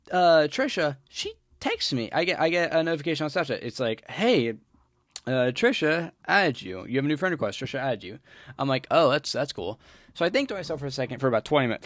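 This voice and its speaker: Casting: young man, middle pitch, casual gamer storyteller, meandering delivery, dry untreated room. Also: fairly bright tone, no echo. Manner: rambling, full of restarts, mimics others in quotes. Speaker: storyteller vlogger. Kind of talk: casual storytelling while gaming.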